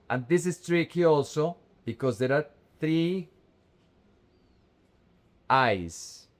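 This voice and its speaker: Slow, careful male Spanish teacher. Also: medium pitch. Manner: slow, careful, repeating words for pronunciation. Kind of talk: language lesson.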